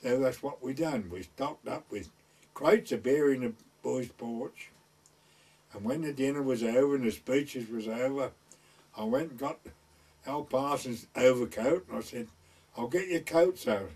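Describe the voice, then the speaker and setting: A man's voice: medium pitch, a little slow, darkish tone, breathy edge. An older man, telling folksy village stories in an oral history, rambling and acting out the people he quotes. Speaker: village elder recalling the past. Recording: voice from far off the mic.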